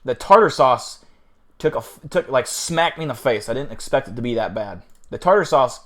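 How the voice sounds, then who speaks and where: A man's voice: mid-range voice, lively intonation, fairly quick, a bit bright. A man live-streaming, chatting casually to his viewers in a rambling, profane, self-deprecating way, flustered and feeling overheated. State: flustered after eating something awful.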